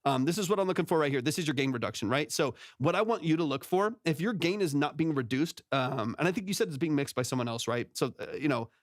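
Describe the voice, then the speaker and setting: A man's voice: on the high side, expressive, fast talker, hardly any pauses, dry recording. A man who produces music, talking loosely through a livestream tutorial into his studio vocal mic, full of fillers and restarts. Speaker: music producer giving mix feedback. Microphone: studio vocal mic through plugins.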